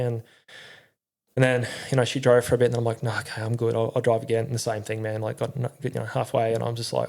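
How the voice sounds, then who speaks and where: A man's voice: mid-range voice, little pitch movement, quick pace, vocal fry, a little mellow. A middle-aged Australian man telling his story in a candid, rambling way, swearing often and using slang. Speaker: podcast guest, former army crew commander.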